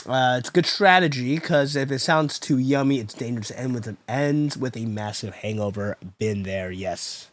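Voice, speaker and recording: A man streaming live, chatting with viewers while venting his frustration as he troubleshoots his software. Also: medium pitch, normal speed, few pauses, no echo. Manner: frustrated, exasperated, swings between loud outbursts and muttering. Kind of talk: casual live-stream chat.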